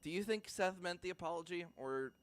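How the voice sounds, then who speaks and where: A male podcast co-host in casual chat, excitable, quick to laugh and swear. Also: sits high, a crowd in the background.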